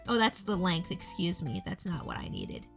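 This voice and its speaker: A woman's voice: lowish voice, big pitch swings, moderate pace, vocal fry, soft background music. A woman streaming live as a VTuber artist, chatting casually with viewers while she shows off a model. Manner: chatty, rambling, greets chat viewers.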